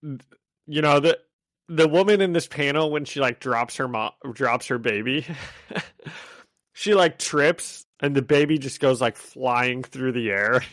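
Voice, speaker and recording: A man's voice: medium pitch, fairly bright tone, no echo. Laughing male podcast co-host. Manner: laughs often, quick reactions. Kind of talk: casual comic book discussion.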